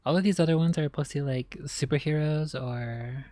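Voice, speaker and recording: A woman's voice: low voice, moderate pace, dark tone, no room sound. A woman streamer chatting casually, rambling and giggly, while reacting on a close desk mic.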